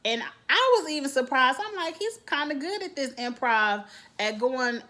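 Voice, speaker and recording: Woman, 30s, animated casual show reviewer, slightly high voice. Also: moderate pace. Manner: animated, opinionated, mimics people in quotes. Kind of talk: casual reality show recap.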